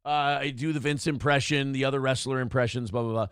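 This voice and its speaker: A man's voice: medium pitch, steady tone, quick pace, a bit bright, clear, resonant tone, dry recording, studio quality. A man hosting a morning show, chatting casually in a rambling, self-deprecating way and reading chat comments aloud. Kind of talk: casual live-stream chat.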